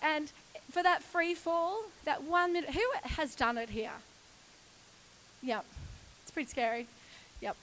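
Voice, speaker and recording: A woman in her forties telling a lively personal story in a sermon, laughing often. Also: high voice, unhurried, pauses often, a little hiss or hum, low-quality recording. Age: 40s. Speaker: church speaker.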